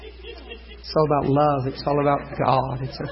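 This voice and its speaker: A man preaching a sermon, telling a story and acting out the people in it with sudden loud high bursts. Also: wildly swooping pitch, normal speed, a crowd in the background. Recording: muffled lo-fi sound.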